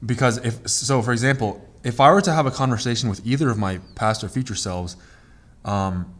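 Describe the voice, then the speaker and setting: A man's voice: medium pitch, brisk. A man co-hosting a podcast, explaining at length in casual chat, with many restarts and repeated words. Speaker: podcast co-host.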